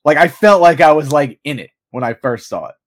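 A man co-hosting a podcast in a casual chat, animated and profane, filling his speech with "like". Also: on the high side, brisk. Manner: animated, profane, says "like" constantly. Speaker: podcast co-host.

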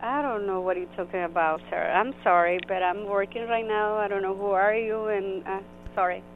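A woman's voice: medium pitch, steady tone, normal speed, soft background music. Confused woman on a tinny phone line. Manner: confused, apologetic. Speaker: worker answering the phone.

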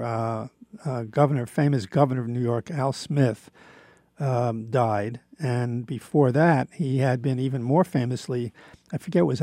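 A man's voice: mid-range voice, mellow, no room sound. An older man hosting a recorded radio show, talking in a rambling, casual monologue full of fillers and restarts.

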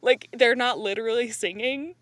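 A woman's voice: on the high side, moderate pace, fairly bright tone, no room sound. A woman in casual chat, ranting in exasperation and laughing often.

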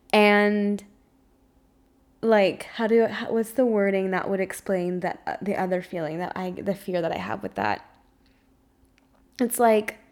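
A young woman hosting her own podcast, talking openly and at length about her fears, searching for words and swearing freely. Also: medium pitch. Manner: emotionally open and confessional. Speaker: podcast host and spiritual coach. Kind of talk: candid solo podcast monologue.

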